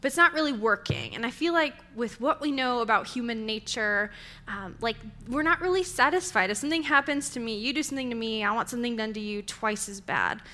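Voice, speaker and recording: A woman's voice: on the high side, a little fast, bright, forceful tone. A young adult woman giving a sermon in a conversational, storytelling way. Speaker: preacher.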